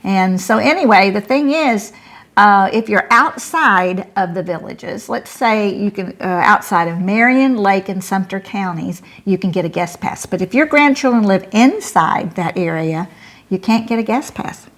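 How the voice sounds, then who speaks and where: A woman's voice: mid-range voice, lively intonation, measured pace, fairly bright tone. An older woman co-hosting a casual chat, chatty and explaining things with fillers. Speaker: co-host.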